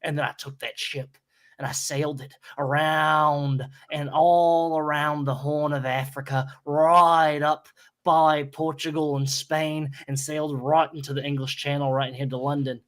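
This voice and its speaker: A man's voice: a little high, flat delivery, unhurried, a bit bright. A man with an Australian accent voicing a brash, violent male escaped convict who boasts and swaggers as he tells his tale. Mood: swaggering.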